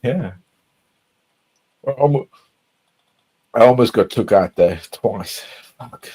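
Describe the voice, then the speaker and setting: A man's voice: medium pitch, lively intonation, takes it slowly, dark tone, breathy edge, low-quality recording. A man chatting casually, rambling and repeating himself, swearing often. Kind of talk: casual chat.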